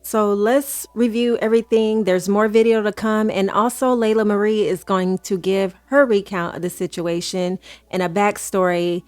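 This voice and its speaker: A woman's voice: medium pitch, fairly even intonation, normal speed, a little mellow, no echo. A woman hosting her own commentary channel, talking casually and reading statements aloud. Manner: conversational, reads statements aloud. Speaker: host.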